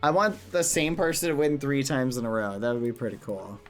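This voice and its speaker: Chatting with viewers while he streams a game, this young man speaks quickly and excitedly, replacing curses with goofy substitutes and spiking upward in pitch whenever he's caught off guard. Gentle music plays underneath.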